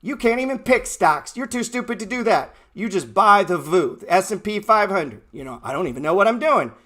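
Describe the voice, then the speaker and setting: High-voiced guy ranting about money, brash and sweary, mocks people. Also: animated, brisk, fairly bright tone. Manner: blunt, brash and mocking, heavy swearing. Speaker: trading show host. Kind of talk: profane motivational rant.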